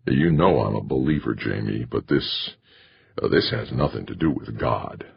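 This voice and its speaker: A man voicing a grave, earnest middle-aged university president and bishop who speaks in a measured, consoling way. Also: extremely low pitch, expressive, gravelly, breathy edge, full character voice. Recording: muffled lo-fi recording.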